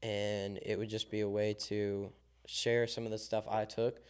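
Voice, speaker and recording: Young male podcast co-host, smooth clear voice, animated storyteller who acts out the dialogue. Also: on the low side, unhurried. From Southern Illinois. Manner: animated storyteller, acts out quoted dialogue, many ums and likes. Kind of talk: casual chat.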